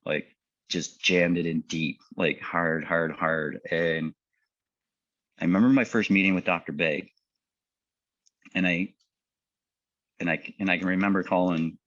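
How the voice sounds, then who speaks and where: A man, a paramedic, telling his personal story in a halting way, full of fillers and repeated words. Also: low-pitched, fairly even intonation, a bit bright, no echo, lo-fi sound. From Canada. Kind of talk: personal testimony talk.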